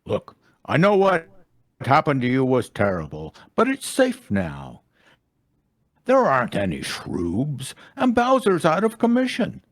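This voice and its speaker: A man's voice: medium pitch, wildly swooping pitch, measured pace, dry recording, clean studio sound. A man voicing a fussy old toad man with glasses, coaxing a friend in a live fan fiction reading.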